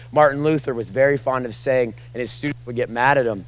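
A young adult man preaching a sermon in a conversational way, dropping to quiet asides and rising to loud, emphatic bursts. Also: medium pitch, fairly even intonation, a little fast, few pauses, low-quality recording. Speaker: pastor.

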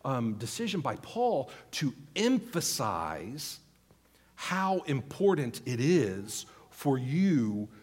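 A man in his thirties delivering a sermon in a church, his voice a little husky. He speaks unhurriedly, with a lively rise and fall, teaching earnestly and pleading his points to the congregation. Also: medium pitch, slow. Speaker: pastor.

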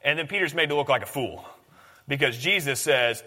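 A man's voice: medium pitch, expressive, a little fast, pushed and bright, big-room sound. A man preaching a sermon in an earnest, conversational way, often restarting his sentences.

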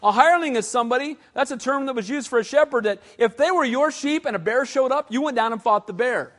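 A man preaching a sermon as pastor, animated and asking the congregation questions. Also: very high voice, fast, long reverb tail. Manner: animated, asks the crowd questions.

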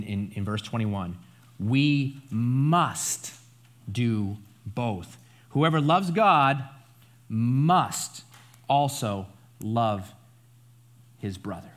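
A man preaching a Bible study sermon in a conversational, emphatic way, often adding asides and tag questions. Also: medium pitch. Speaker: pastor.

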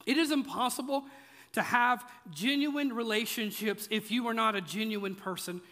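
Bright, high-voiced preacher in an echoey hall. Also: male voice, animated, moderate pace. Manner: conversational, joking, emphatic repetition. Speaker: pastor. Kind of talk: sermon. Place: church auditorium.

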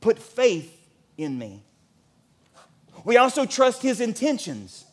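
In his forties, a pastor delivers a sermon in church with a very high-pitched voice and a slow pace, speaking animatedly and sometimes close to shouting.

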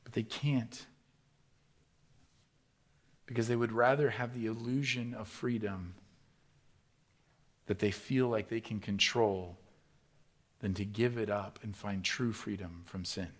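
A man preaching a sermon, talking to the congregation as if chatting with them. He asks rhetorical question after question. His delivery swings between loud, rising emphasis and quiet, low stretches. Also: fairly even intonation, slow pace, long pauses. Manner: builds to loud, rising emphasis, then drops to soft and low. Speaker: pastor.

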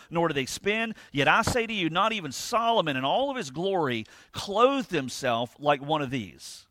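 A man's voice: on the high side, bright, forceful tone, dry recording. A man preaching a sermon as pastor, reading scripture aloud with rising emphasis and checking in with the congregation with a conversational "right?".

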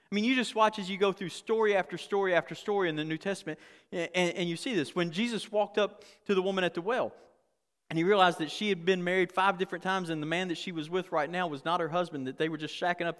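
A high-voiced man pastor delivers a sermon in a loose, chatty way, circling back on phrases and restarting lines as he drives a point home. His voice rings out with a long reverb, as if heard in a big church auditorium. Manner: animated, conversational preaching with repeated phrases. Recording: long reverb of a large hall.

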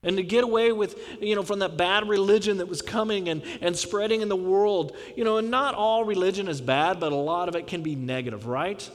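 A man with a high voice preaches a sermon, talking in a casual, animated way. He often asks rhetorical questions and fills his talk with little asides. His voice rings out with a long hall reverb. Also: brisk, hardly any pauses. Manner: animated, conversational, with frequent filler phrases and rhetorical questions.

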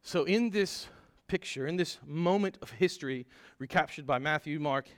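A man preaching a Sunday sermon, animated and conversational, putting rhetorical questions to the congregation. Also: on the high side, moderate pace, no echo, clean studio sound. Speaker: pastor.

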